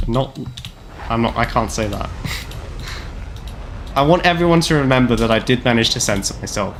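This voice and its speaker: A man's voice: medium pitch, lively intonation, unhurried, pauses often, a bit bright, slight background noise. Rambling young man streaming games. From Canada. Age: 20s. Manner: rambling, self-deprecating, jokey, lots of "like" fillers. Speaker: game streamer. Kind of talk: casual gameplay live-stream chat.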